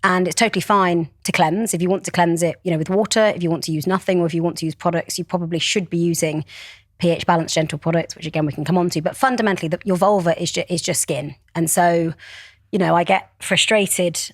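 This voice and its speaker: A woman's voice: on the low side, steady tone, fast, no room sound, studio quality. A woman, a brand founder speaking passionately and articulately as a podcast guest. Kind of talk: podcast interview.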